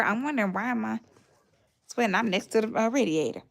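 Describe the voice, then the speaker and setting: A woman's voice: fairly high pitch, lively intonation, brisk, vocal fry. A woman hosting a casual livestream from home, telling a long story and thanking viewers for gifts along the way. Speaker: livestream host. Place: home, near a radiator.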